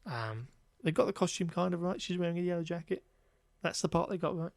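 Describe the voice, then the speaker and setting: A man's voice: high voice, lively intonation, brisk, gravelly, dry recording. Wry man recapping a film, dry sound. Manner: wry, exasperated recapping with frequent fillers. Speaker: podcast co-host. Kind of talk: casual chat reviewing a film.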